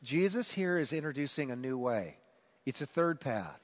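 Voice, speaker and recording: A male pastor preaching a sermon in an animated manner, building to emphatic points. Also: medium pitch, normal speed. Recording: long hall reverb.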